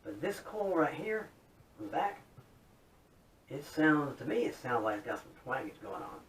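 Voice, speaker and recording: Folksy guy chatting through a guitar demo, mic kinda far off, faint rumble behind. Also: very animated, moderate pace, roomy sound. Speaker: guitar hobbyist showing his modded guitar. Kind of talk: casual demo talk to camera.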